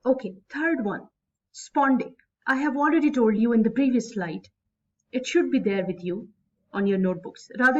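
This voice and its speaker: Slow, deliberate woman teacher lecturing. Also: fairly high pitch, dull audio. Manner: slow, deliberate, stresses syllables aloud; addresses students directly, repeats key points. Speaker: college English literature teacher. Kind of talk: recorded classroom lecture.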